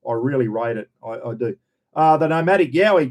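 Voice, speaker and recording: An Australian camping channel host speaks a little fast in an expressive, medium-pitched, darkish voice. Chatting casually on a live stream, he rambles folksily while greeting viewers and leans heavily on "mate" and "bloody."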